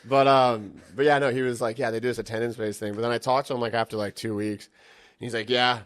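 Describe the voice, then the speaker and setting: This jiu-jitsu athlete, a young man, chats casually as a podcast guest, spinning loose stories heavy on swearing, filler and the word "like." He speaks fast in a clean, mid-range voice with little pitch movement.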